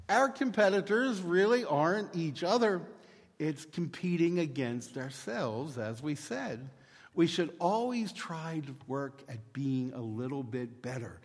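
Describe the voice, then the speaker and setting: Slow-speaking male pastor in an echoey church. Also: on the high side. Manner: measured, storytelling delivery. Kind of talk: sermon.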